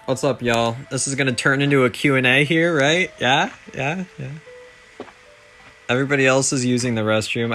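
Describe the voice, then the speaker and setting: A man's voice: medium pitch, a bit bright. A man streaming a game tournament, chatting in a laid-back, giggly way. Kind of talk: casual stream banter.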